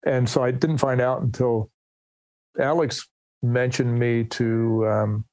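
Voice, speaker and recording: A man's voice: medium pitch, steady tone, slow pace, darkish tone, no room sound. A man in his sixties, a musician guest telling stories in a rambling, self-deprecating way. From New Jersey, US. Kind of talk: casual storytelling interview.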